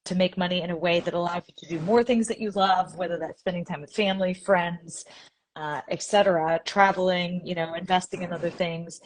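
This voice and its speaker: A woman's voice: fairly low pitch, fairly even intonation, fairly quick. A young woman from Indiana hosting a casual live stream on a video call, bubbly and chatty, often laughing.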